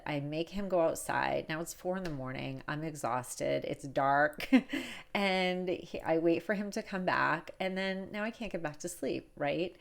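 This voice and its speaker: A woman's voice: low voice, gravelly. A woman in her forties who runs a cake business, telling a candid, chatty story to the camera and laughing often. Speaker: wedding cake business owner and coach. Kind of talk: casual vlog storytelling.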